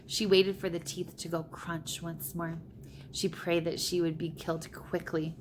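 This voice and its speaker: A woman's voice: lowish voice, little pitch movement, measured pace, slight background noise. Woman reading a storybook aloud. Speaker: reader.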